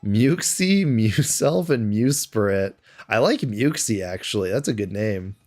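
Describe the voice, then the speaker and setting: This fairly low, darkish voice belongs to a Canadian-accented man live streaming, animated yet unhurried. He's chatty, responding out loud to viewer questions as his game allows.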